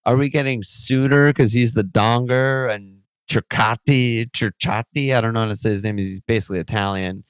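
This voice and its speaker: Fired-up guy rambling solo on his podcast, lowish voice, dry close sound. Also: moderate pace, clean tone, no room sound. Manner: excitable, swears a lot, rambling. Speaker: podcast host. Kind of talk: solo casual podcast talk.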